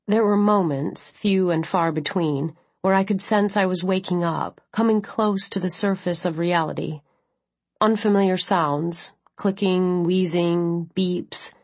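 A woman reading a first-person novel aloud as an audiobook narrator, with measured, steady delivery. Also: on the low side, no room sound.

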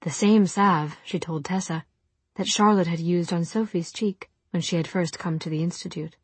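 A woman reading a novel aloud in calm, even narration. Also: lowish voice, moderate pace, slightly rough, no room sound. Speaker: audiobook narrator. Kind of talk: scripted narration.

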